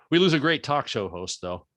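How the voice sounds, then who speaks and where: A man's voice: mid-range voice, big pitch swings, normal speed, fairly bright tone. A man chatting casually with a radio host before the show, easily amused. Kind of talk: casual chat.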